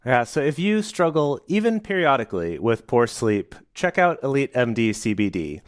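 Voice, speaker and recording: A man reads sponsor offers and promo codes on a podcast at an everyday middle pitch. His delivery is brisk with a wry touch. The sound is close and dry. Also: sing-song, dry recording. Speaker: podcast co-host.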